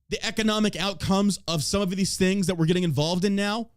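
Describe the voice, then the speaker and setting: A man's voice: high-pitched, steady tone, quick pace, hardly any pauses, smooth, no echo, studio quality. A man hosting a podcast, ranting in heated, profane and emphatic bursts. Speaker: podcast host. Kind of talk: ranting political podcast talk.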